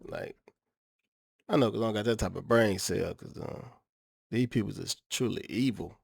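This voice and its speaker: A man's voice: on the low side, normal speed, creaky, slightly rough, no echo, clean studio sound. A man hosting a reaction video, talking in a rambling, slangy, incredulous way. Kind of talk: casual reaction commentary.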